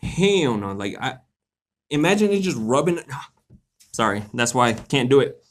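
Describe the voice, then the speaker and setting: A young man's mid-range, sing-song voice moves at normal speed as he hosts a live Q&A. His chat with viewers is relaxed, joking and full of slang, with frequent laughter.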